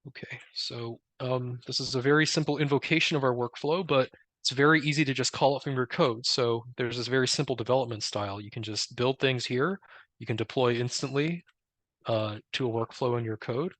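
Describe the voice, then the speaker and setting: A man presenting a live software demo, explaining step by step in a relaxed way with many fillers. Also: mid-range voice, a little fast, no room sound. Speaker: presenter demoing a tool.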